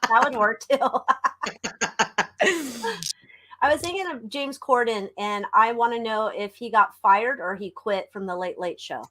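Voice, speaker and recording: A woman's voice: a little high, a little slow, pauses often, sharp tone. A woman co-hosting a live tarot stream, chatting playfully and greeting viewers in a sing-song way. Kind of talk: casual chat.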